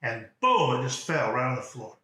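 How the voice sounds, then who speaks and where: A man telling a personal story as a motivational speaker, in a halting, conversational way with many restarts. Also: medium pitch, very animated, pushed and bright. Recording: echoey room.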